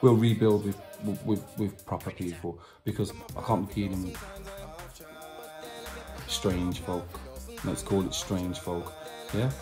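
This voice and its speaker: A man's voice: low voice, steady tone, slow pace, long pauses, music in the background. A man vlogging to his subscribers, telling a personal story in a chatty, repetitive way with slang asides. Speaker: vlogger and musician. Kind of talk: casual storytelling to camera.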